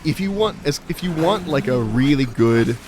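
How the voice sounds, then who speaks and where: A man's voice: on the high side, lively intonation, normal speed, background noise. A young man streaming a game, chatting casually and rambling through explanations with lots of "like". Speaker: livestreamer. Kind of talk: casual chat while gaming.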